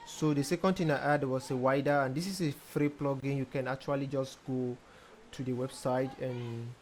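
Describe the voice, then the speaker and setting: Young man, producer tutorial voice, relaxed, hesitant ums, mid-pitched, faint hiss behind. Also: moderate pace. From Nigeria. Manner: relaxed, hesitant with frequent ums, explains step by step. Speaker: music producer teaching mixing. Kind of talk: casual screen-recorded tutorial.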